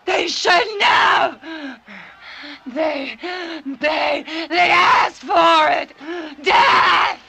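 Madwoman, shrieking, bright tense high voice, dubbed film drama. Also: extremely slow, creaky, full character voice. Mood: raving. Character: frantic woman raging about breaking her victims.

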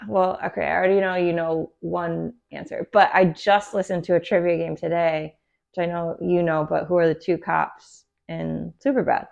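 A woman's voice: on the low side, level tone, moderate pace, gravelly, a little mellow, highs cut off. A woman hosting a podcast, asking blunt questions in casual chat and swearing freely. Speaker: podcast host.

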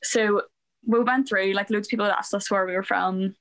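A Northern Irish woman in her twenties co-hosting a podcast, excitable and chatting casually about travel. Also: medium pitch. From Northern Ireland. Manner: excitable, quick to laugh along. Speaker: podcast co-host. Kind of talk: casual chat.

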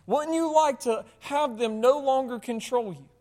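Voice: sits high, measured pace, warm tone. Predigt mit langem Kirchenhall. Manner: rhetorical questions to the congregation, with sarcastic asides. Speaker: pastor. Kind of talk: sermon. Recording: long hall reverb.

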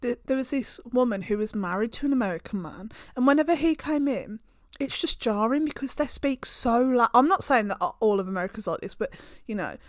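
A young woman from the UK tells a story in a casual chat, her pitch bouncing up and down as she goes. She laughs often, and her voice sits fairly high. The sound is dry and close, with no room around it. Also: lively intonation, brisk, no echo. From United Kingdom.

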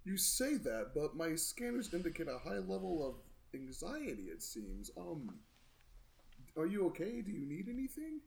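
A man voicing a big friendly robot who talks in halting, kindly bursts. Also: on the high side, huge pitch swings, gravelly, darkish tone, exaggerated voice. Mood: concerned.

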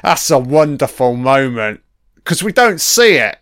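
Brit guy cursing thru a movie commentary, smooth clear voice, slow talker. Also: medium pitch, sing-song, fairly bright tone, no room sound, clean studio sound. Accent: British English. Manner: profane, reactive, rambling. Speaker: film commentator. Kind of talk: casual film commentary.

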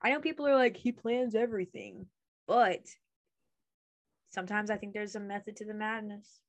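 A woman's voice: medium pitch, steady tone, normal speed. A woman co-hosting a podcast in casual chat, opinionated and rambling, laughing often. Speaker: podcast co-host.

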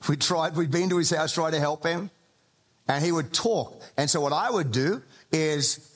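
Male pastor, slightly high voice, chatty and humorous sermon delivery. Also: a bit bright. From Australia. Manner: conversational storytelling with humour.

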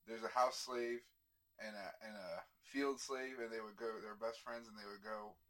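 A man's voice: lowish voice, steady tone, pushed and bright. A man on a comedy podcast works his way through a long story in loose, casual chat. He stumbles over fillers, restarts his sentences, and keeps breaking into chuckles as the bit unfolds. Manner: rambling storyteller, halting with many fillers and chuckles.

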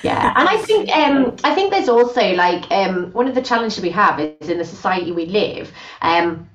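A woman, a guest on a podcast, talking in a lively conversational way and acting out quoted voices. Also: medium pitch, moderate pace. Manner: animated, acts out quoted voices. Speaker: podcast guest, gender justice specialist. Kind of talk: conversational interview. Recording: roomy, distant, dull podcast audio.

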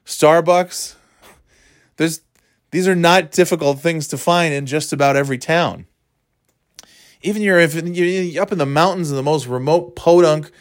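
A man's voice: fairly high pitch, no echo, clean studio sound. A man from the US East Coast talking casually to camera, rambling and sardonic, with many restarts and fillers. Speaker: vlogger.

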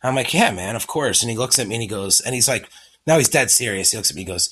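A man in his thirties telling animated parenting stories in casual chat, swearing freely. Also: on the low side, fast, breathy edge.

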